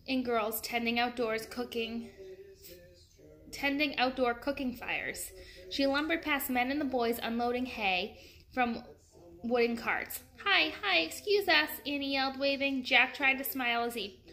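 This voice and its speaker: A woman reading a children's chapter book aloud in a friendly, expressive way. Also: high-pitched, measured pace. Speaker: storybook reader.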